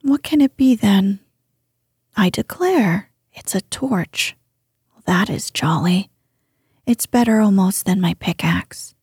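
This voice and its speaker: A woman voicing a practical, protective miner boy in a breathy whisper, as whispered role-play in a storybook reading. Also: medium pitch, expressive, takes it slowly, darkish tone, no room sound, studio quality, full character voice. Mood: hushed, practical.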